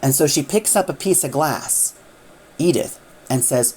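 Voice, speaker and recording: A woman's voice: extremely low pitch, lively intonation, a little slow, warm tone, breathy edge. A woman casually retelling a drama's plot, rambling with many fillers. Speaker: audio drama recapper.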